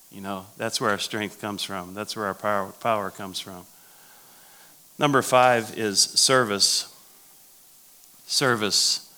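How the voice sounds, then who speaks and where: Brief: male pastor at a conference, bright forceful tone, storytelling delivery that circles back to key phrases. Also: fairly low pitch. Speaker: pastor speaking at a church conference. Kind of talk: sermon-style leadership talk.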